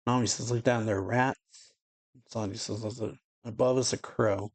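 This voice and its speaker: A man's voice: fairly low pitch, steady tone, moderate pace, breathy edge, dry recording. A man reading comic dialogue aloud in a casual, plain way, chuckling often between lines. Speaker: reaction channel host.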